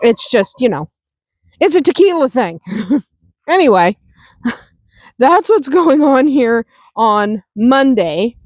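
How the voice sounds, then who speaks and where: Slow, chatty woman farm vlogger. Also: fairly high pitch, animated, darkish tone, no room sound. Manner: chatty, laughs often, talks to her animals. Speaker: homestead vlogger. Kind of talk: casual farm vlog. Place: outdoors on a windy farm.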